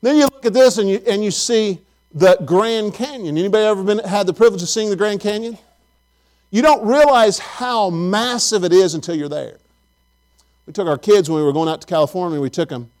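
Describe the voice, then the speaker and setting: A man's voice: high voice, a little mellow. A middle-aged man, preaching a sermon in a folksy, chatty storytelling way and talking directly to his congregation. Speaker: pastor.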